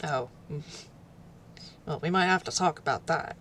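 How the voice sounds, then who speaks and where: A woman playing a tabletop role-play, talking hesitantly with many pauses and fillers. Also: deep voice, fairly bright tone, a little hiss or hum. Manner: hesitant, lots of ums and trailing off. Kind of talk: casual in-character role-play chat.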